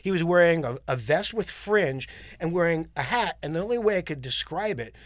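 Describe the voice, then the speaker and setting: Man from Long Island, comedian guest, rapid delivery, animated storytelling, dry close studio sound. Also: fairly high pitch, no room sound. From Long Island, New York. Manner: animated anecdotes with acted-out quotes. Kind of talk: casual interview storytelling.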